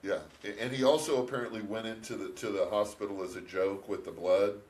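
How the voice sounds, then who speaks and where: A man co-hosting a podcast, chatting casually about an old action film, often laughing and acting out quotes. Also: fairly quick. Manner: animated, laughing, acts out quotes with big pitch jumps. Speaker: podcast co-host. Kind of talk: casual movie review chat.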